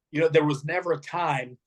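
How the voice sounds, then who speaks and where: A middle-aged man, a former wrestler, telling stories in an interview and acting out the voices of the people in them. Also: on the high side. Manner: animated storyteller acting out quotes. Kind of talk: storytelling interview.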